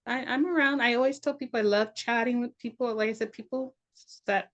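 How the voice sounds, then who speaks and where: A woman's voice: fairly high pitch, steady tone, a little fast, fairly bright tone, dull audio. A middle-aged woman talking as a podcast guest in a loose, reflective way, laughing often and saying "like" a lot. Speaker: podcast guest, somatic practitioner. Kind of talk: casual reflective conversation.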